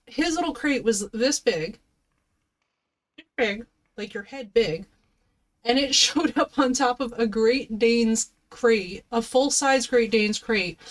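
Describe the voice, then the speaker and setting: A woman's voice: a little high, fairly bright tone. A woman streaming a game live, chatting playfully with her viewers and cooing at her dog. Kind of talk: casual live-stream chat. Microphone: headset.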